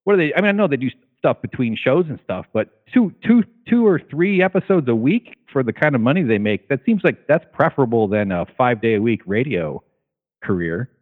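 A man interviewing a guest in casual chat, halting and hesitant, often restarting his sentences. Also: mid-range voice, big pitch swings. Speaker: interviewer, host of own show. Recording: phone-like line.

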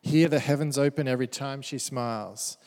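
A man's voice: mid-range voice, normal speed, a little mellow. A man preaching a sermon who reads verses aloud and breaks into playful, joking asides. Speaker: pastor. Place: church hall. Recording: church hall with long reverb.

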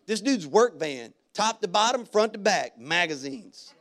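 A male pastor preaching a sermon, talking in a loose, conversational way and breaking into loud, excited shouts. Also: sits high, a little slow. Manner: animated preaching that jumps into loud shouted bursts; conversational storytelling with casual slang. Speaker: guest pastor.

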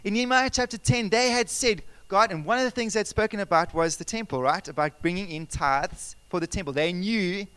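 Animated preaching man, smooth voice. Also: sits high, brisk, hardly any pauses, no echo. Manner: animated, conversational, asks the congregation questions. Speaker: pastor. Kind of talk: sermon with personal stories. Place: church service.

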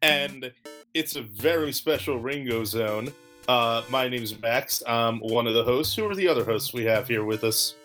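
A man's voice: medium pitch, a little slow, fairly bright tone, soft background music. A man hosting a casual podcast, joking around and spinning mock-spooky stories. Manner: playful, spins a mock-spooky tale. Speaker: podcast host.

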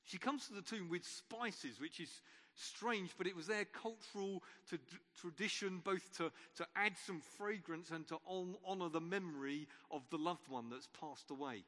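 A man's voice: high voice, normal speed, bright, forceful tone. A man preacher giving an Easter sermon in an informal storytelling way, with wry asides. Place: church. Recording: long reverb of a church.

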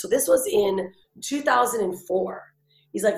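A woman in her forties telling her life story in an interview, chatty and animated, with many fillers and restarts. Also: mid-range voice, measured pace, vocal fry, echoey room. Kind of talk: conversational storytelling.

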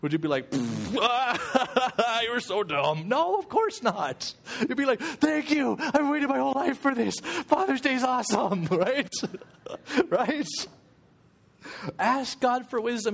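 A man's voice: extremely high pitch, animated, slow pace, gravelly, fairly bright tone. A middle-aged man giving a casual, jokey sermon as guest preacher, often acting out quoted voices.

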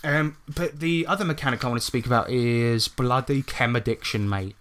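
This man sits at a middle pitch and talks casually as a podcast co-host. He walks through game rules step by step, dropping swear words along the way. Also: moderate pace, a bit bright, smooth. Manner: chatty, swears freely, explains rules step by step. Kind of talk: casual chat.

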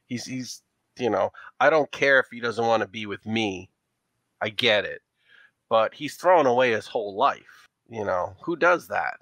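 A man voicing a weary, forgiving woman client with an injured arm in a tabletop role-play, talking in halting, rambling bursts. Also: fairly low pitch, animated, a bit bright, no room sound. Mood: weary pleading.

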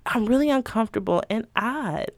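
A woman's voice: on the high side, lively intonation, normal speed, dry recording, studio quality. A woman co-hosting a podcast, telling stories in a chatty way full of "like". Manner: chatty storytelling with frequent fillers. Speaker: podcast co-host. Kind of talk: casual chat. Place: lives in the Midwest.

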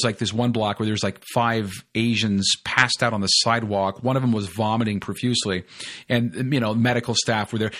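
A man hosts his podcast with a loose, rambling monologue, piling up fillers and restarts and swearing freely. His voice sits on the lower side of the male range. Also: a bit bright. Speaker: podcast host. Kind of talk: casual storytelling monologue.

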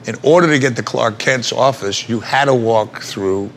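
This older actor, being interviewed, speaks in a mid-range voice at normal speed. He spins loose, salty stories with laughter mixed in, and there's a little hiss or hum on the recording.

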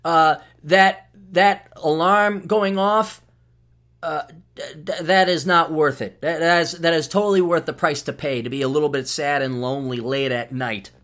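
A man's voice: a little high, fairly even intonation, normal speed, fairly bright tone. A middle-aged man hosting a podcast, talking in a rambling, sardonic solo monologue with frequent restarts. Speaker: podcast host.

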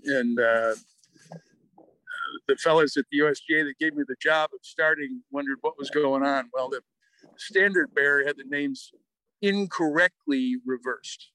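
An older man from the American Midwest, a guest author telling lively anecdotes in an interview and acting out the quotes. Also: on the high side, normal speed, no room sound, rough recording. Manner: lively anecdotal storyteller who acts out quotes. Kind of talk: storytelling in an interview.

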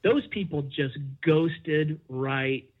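High-voiced middle-aged man telling a personal story. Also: drawn-out words, phone-quality sound. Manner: animated, acts out quoted exchanges with big pitch jumps. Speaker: podcast guest. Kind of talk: candid storytelling in conversation.

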